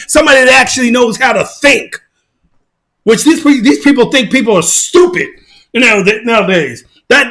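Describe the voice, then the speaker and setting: A male online commentator talks through a casual reaction rant in a notably high voice. He keeps it heated and emphatic and circles back over his points. His tone is bright and forceful.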